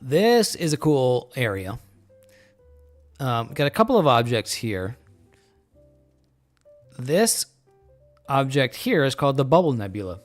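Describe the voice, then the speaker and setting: A man with a medium-pitched voice hosts a relaxed, casual live stream, explaining things slowly and in a rambling way, with lots of ums. He's a bit tipsy from beer and keeps joking around. Soft music plays faintly in the background.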